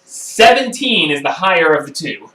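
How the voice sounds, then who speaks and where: Lively man running a home tabletop game. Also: a little high. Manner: animated narration with quick voiced asides, many fillers. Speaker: game master. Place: room at home. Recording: echoey room, far from the mic.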